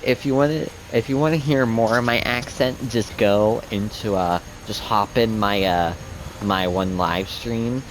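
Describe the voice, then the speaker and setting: A man's voice: fairly low pitch, a little slow, slight background noise. A young man giving casual gameplay commentary as a streamer, chatty and rambling. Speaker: gaming streamer.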